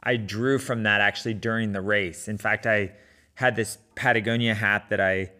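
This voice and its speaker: A man's voice: lowish voice, fairly even intonation, moderate pace, bright, forceful tone. A middle-aged man casually telling a personal running story, talking with many fillers and restarts. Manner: conversational with frequent fillers and restarts.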